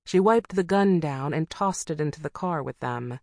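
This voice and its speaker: Low-voiced woman narrating a novel. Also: lively intonation, normal speed, creaky, a little mellow, no echo, studio quality. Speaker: audiobook narrator. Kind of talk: first-person novel narration.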